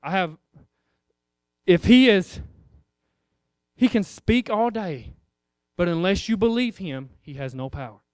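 A man's voice: high-pitched, lively intonation, unhurried, long pauses, smooth, dry recording, studio quality. A man preaching a sermon, emphatic and repetitive, acting out little voices as he goes.

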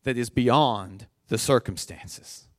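A man preaching a sermon, slow and deliberate, building to emphatic high points as he retells a scripture story. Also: dry recording, studio quality.

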